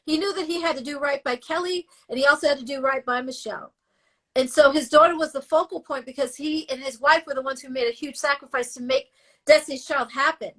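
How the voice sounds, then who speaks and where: Interviewed as a guest, a woman singer delivers her story in a brisk, high-set voice. She's blunt and full of feeling, animated and emotional, with the odd curse thrown in.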